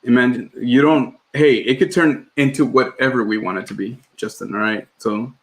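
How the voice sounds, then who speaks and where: A man's voice: medium pitch, fairly even intonation, normal speed, slight background noise, low-quality recording. A man co-hosting a casual livestream podcast from home, rambling and laughing often. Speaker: podcast co-host.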